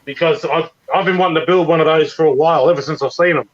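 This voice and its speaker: Man, high voice, eager rambling, restarts, dull lo-fi video call audio. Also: steady tone, fast. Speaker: regular panelist. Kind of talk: casual chat on a video call.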